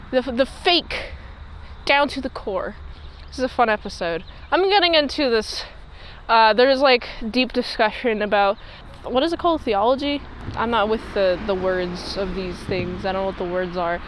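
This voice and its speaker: A woman's voice: fairly high pitch, normal speed, a little hiss or hum, rough recording. A woman giving a casual, rambling episode recap, full of fillers and loose asides. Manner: rambling, filler-heavy chat. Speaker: show reviewer.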